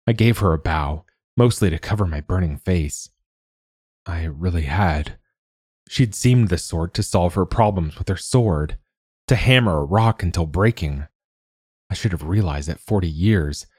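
Husky deep-voiced male storyteller. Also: normal speed, a little mellow, no echo, clean studio sound. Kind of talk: first-person story narration.

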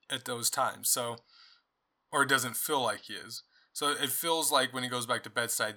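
A man with a medium-pitched, sharp-toned voice hosts a book club podcast, reviewing a novel on his own in a casual way. He thinks aloud conversationally, often restarting and wandering into asides.

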